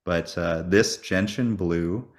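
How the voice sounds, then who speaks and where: A man co-hosting a casual podcast over a call, telling stories in an animated, joking way and swearing freely. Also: low voice, slow. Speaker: podcast co-host. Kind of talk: casual chat.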